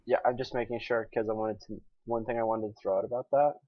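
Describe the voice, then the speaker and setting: A man's voice: fairly low pitch, level tone, quick pace, dry recording, muffled recording. A man bantering on voice chat, crude, teasing and pushy. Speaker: friend on voice chat. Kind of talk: casual banter.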